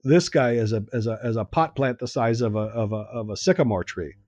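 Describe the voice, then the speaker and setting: On a casual podcast, a male co-host rambles through an anecdote packed with quoted back-and-forth, repeating himself along the way. His mid-range voice is brisk and a little mellow, with no echo and the highs cut off.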